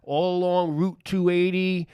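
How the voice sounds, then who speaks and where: Guy hosting, clear smooth voice a bit high, cracks jokes, dry sound. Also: level tone, dark tone, no echo. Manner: joking, quick asides. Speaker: host. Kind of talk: casual chat.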